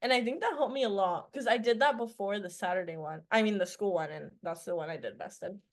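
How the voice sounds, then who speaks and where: A teenage girl, a former student and podcast guest, chatting in an animated storytelling way full of fillers. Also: mid-range voice, quick pace. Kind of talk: casual interview chat.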